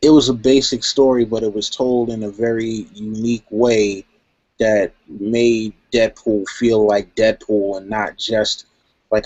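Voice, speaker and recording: A man's voice: fairly low pitch, flat delivery, a little slow, darkish tone, dry recording. A man talking casually in a live chat, laid-back and rambling with "you know" and "um". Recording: dry, dull lo-fi stream audio.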